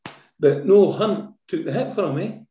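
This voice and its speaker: Scottish man telling stories, mellow. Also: high-pitched, normal speed, echoey room. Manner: lively storyteller, tags sentences with "eh?". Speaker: former football manager. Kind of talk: anecdotal interview storytelling.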